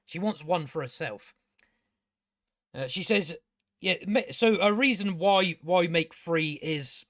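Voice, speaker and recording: A man's voice: a little high, expressive, measured pace, fairly bright tone, no room sound, studio quality. A man ranting sarcastically as he reviews a show, swearing a lot and mocking the characters. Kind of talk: casual profane rant.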